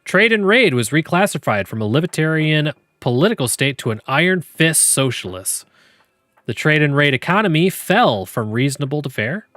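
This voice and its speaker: A man's voice: a little high, sing-song, normal speed, a bit bright, no echo, studio quality. A man hosting a podcast, joking and laughing often as he reads game prompts aloud to his chat. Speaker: podcast host.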